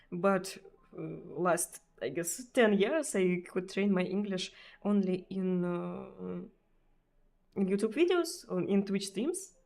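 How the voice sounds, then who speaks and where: A woman from Russia with a Russian accent, chatting casually on a live stream. She speaks haltingly, with many pauses and restarts, and laughs often. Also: fairly low pitch, creaky, a little mellow. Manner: laughs often between sentences.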